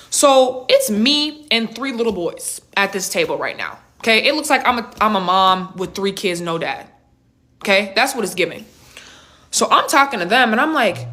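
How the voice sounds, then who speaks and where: A woman in her twenties telling a storytime in a slangy, animated way with big reactions. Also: mid-range voice, normal speed, a little hiss or hum. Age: 20s. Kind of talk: storytime vlog.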